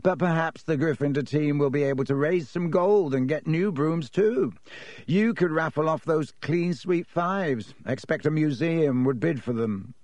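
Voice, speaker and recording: Smug rich teen as a male reader does him, smooth slow sneer, storybook. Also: fairly high pitch, a little mellow, no room sound, voice pushed up, natural voice. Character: smug, spiteful rich teenage boy.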